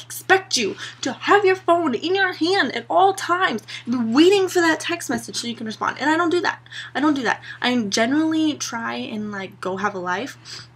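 A young woman vlogger talks straight to her camera in a sarcastic, exasperated rant, peppered with "like" and "you know". Her voice is bright and slightly husky, a little higher than average. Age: young adult.

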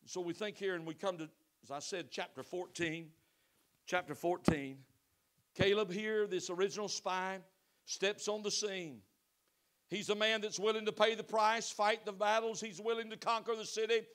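High-voiced impassioned preacher man. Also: fairly even intonation, normal speed. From United States. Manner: impassioned, swings between loud exhortation and soft pleading; asks the congregation direct questions. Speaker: pastor. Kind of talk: sermon. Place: church sanctuary.

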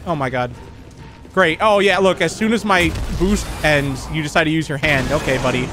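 A young man giving rambling, excitable commentary while playing a horror game. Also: fairly high pitch, moderate pace, over music. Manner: rambling, excitable, many fillers. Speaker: gaming channel host. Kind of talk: let's play commentary.

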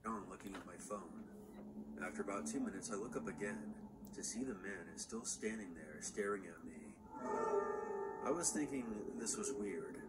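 A man reading a first-person horror story in steady, plain scripted narration. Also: fairly low pitch, moderate pace, heavy background noise. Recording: distant, with loud background ambience.

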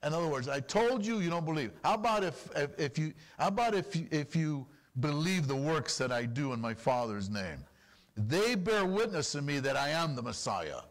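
Animated male preacher, lively voice. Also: fairly high pitch. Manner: animated preaching, rapid rhetorical questions. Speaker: pastor. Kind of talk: sermon.

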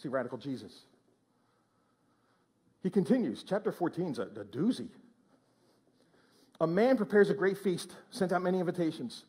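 Man, pastor, sermon, very high pitch, lively swooping delivery, questions to the congregation. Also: normal speed, pauses often, slightly rough. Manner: exclamatory, prods the congregation with questions. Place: church.

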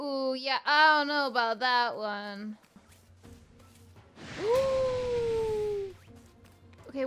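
Young female streamer, high pitched and slow-paced, yelps and curses at the game, soft music bed. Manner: excitable, yelps and swears at the game. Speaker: streamer playing a video game. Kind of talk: live gameplay commentary.

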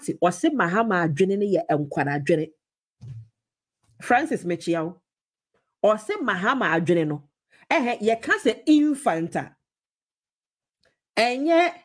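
A woman's voice: mid-range voice, a little mellow. A woman with a Ghanaian accent giving opinionated TV commentary, switching between English and Twi with emphatic, mocking remarks.

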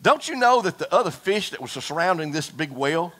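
A man preaching a fiery sermon to his congregation, folksy and animated, calling out for amens. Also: a little high, brisk, slightly rough. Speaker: pastor. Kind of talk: impassioned Pentecostal-style sermon. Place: church service before a congregation.

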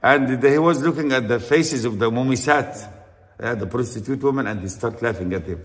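A man's voice: mid-range voice, normal speed, long reverb tail. A man with an Arabic accent preaching a storytelling sermon, acting out the characters in his tale and reciting Arabic verses.

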